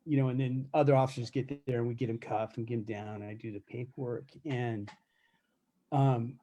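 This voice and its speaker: A man's voice: medium pitch, steady tone, brisk, dark tone. A middle-aged man telling candid, profane stories from his years as a corrections officer, in a casual live chat, with many restarts. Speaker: self-defense instructor recounting corrections work.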